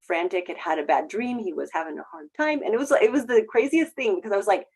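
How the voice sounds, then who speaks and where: A middle-aged woman host in casual conversation, speaking earnestly and reflectively, with brighter quoted asides. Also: medium pitch, fast, husky.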